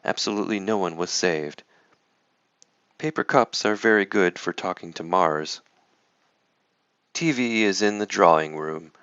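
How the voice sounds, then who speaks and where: A man with a very low, smooth voice reads a children's picture book aloud with lively expression. The sound is dry and close. The recording is a little muffled. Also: measured pace, pauses often, no room sound. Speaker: storybook reader.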